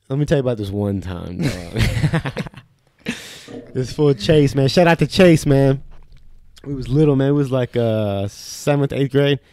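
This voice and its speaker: A man co-hosting a loose podcast chat, spinning profane, animated stories and tossing "dog" into every other line. His voice sits in an ordinary middle pitch. It is picked up close and dry, with no room sound. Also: a little slow, no room sound. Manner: profane animated storyteller, says "dog" a lot. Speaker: podcast co-host. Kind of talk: casual chat.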